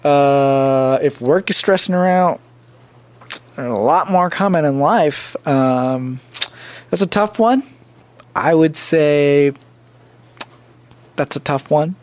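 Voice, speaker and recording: A man's voice: a little high, takes it slowly, pauses often. A young man co-hosting a podcast, chatting casually and hesitantly, with lots of fillers and restarts. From India. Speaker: podcast co-host. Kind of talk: casual chat.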